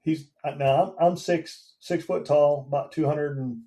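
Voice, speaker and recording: A man's voice: fairly high pitch, fairly even intonation, unhurried, dark tone, low-quality recording. A man in his fifties, a veteran and former police officer, telling his story as a podcast guest in a plain, conversational way. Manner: recounts events plainly, acting out quoted dialogue.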